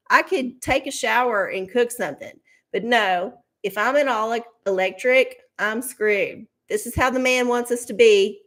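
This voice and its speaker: A woman with a drawl and a voice pitched a bit high hosts a live tarot stream from her home. She talks loosely and freely, drops swear words without a pause, and laughs often as she greets her viewers. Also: fairly bright tone. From Texas. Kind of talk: casual live-stream chat. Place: home streaming setup with studio lights.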